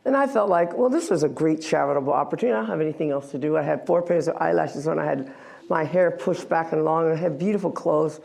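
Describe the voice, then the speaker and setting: Old lady in her 80s, gravelly voice, wry storytelling, laughs at herself. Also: low voice, quick pace. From United States. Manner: candid, wry, animated storytelling with self-mocking laughs. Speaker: guest speaker, activist. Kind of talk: storytelling talk before an audience.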